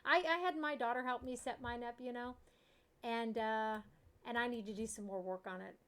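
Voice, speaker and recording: A woman's voice: on the high side, moderate pace, a bit bright, smooth. A middle-aged woman chatting casually with viewers while streaming a farm sim, laughing often and talking to the game animals. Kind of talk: casual live-stream chat.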